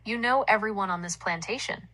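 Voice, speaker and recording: A woman voicing a calm, protective plantation man who asks pointed questions. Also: medium pitch, fairly quick, close to an everyday voice.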